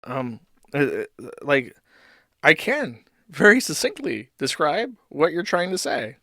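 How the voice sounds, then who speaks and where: A man's voice: a little high, very animated, slow, pushed and bright, dry recording, clean studio sound. Profane, exasperated male streamer ranting. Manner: exasperated, profane, rambling with restarts and mocking laughs. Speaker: streamer host reacting to a clip. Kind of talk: ranting commentary to chat.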